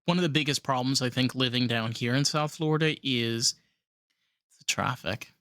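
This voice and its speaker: A man's voice: medium pitch, normal speed, a bit bright, dry recording. Rambling man hosting with dry close sound. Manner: rambling, filler-heavy, sarcastic. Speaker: podcast host. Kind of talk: casual interview chat. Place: South Florida.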